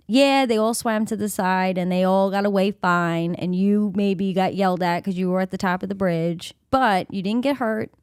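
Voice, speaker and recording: A woman's voice: mid-range voice, clean tone, no room sound. A woman co-hosts a casual podcast and tells her stories with a lot of life, acting out each voice she quotes and laughing along the way. Her voice sits in the middle for a woman and is recorded close and dry, with no room sound. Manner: animated storyteller, acts out quoted voices, laughs often. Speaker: podcast co-host. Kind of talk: casual storytelling chat.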